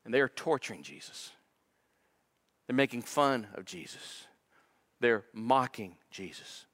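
A man's voice: mid-range voice, expressive, slow, fairly bright tone. A male pastor preaching a sermon in a church, dramatic and emphatic, repeating words as his intensity builds. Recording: long reverb of a large hall.

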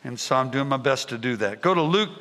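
Energetic preacher with a bright voice. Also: male voice, medium pitch, brisk. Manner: energetic, repetitive calls to the congregation. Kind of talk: revival sermon. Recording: long hall reverb.

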